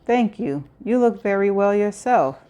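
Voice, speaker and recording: A woman's voice: mid-range voice, lively intonation, measured pace, warm tone, voice pushed up, close to an everyday voice. Give me an anxious pregnant young woman with breathless, pleading calls, read by a woman. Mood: polite.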